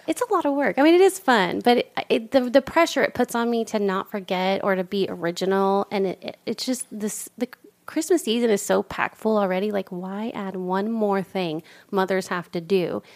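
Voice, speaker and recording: A woman's voice: medium pitch, normal speed. A middle-aged woman co-hosting a podcast, chatting casually and acting out the dialogue in her stories. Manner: animated storyteller acting out dialogue. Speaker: podcast co-host. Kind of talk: casual chat.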